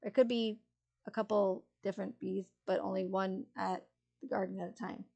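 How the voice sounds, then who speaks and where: A woman streamer chats with her live viewers in a gravelly, mellow voice. She rambles and giggles, trailing off and restarting her sentences. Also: medium pitch, fairly even intonation, moderate pace. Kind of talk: casual chat with live chat.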